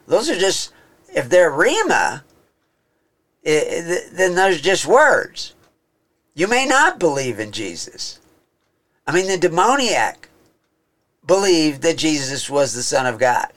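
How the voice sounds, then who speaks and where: A man talks through scripture in an informal teaching style, slow and unhurried. He rambles, stops to restart his sentences and fills the gaps with ums and uhs. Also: on the high side, sing-song, fairly bright tone. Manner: rambling, halting, with many fillers and restarts. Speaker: Bible teacher. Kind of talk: informal Bible teaching talk.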